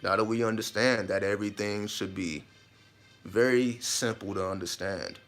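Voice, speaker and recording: A man's voice: fairly low pitch, normal speed, fairly bright tone, faint music behind. Man giving an emphatic rambling monologue. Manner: emphatic, repetitive, with occasional swearing. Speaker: host of own video channel. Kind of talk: casual explanatory monologue.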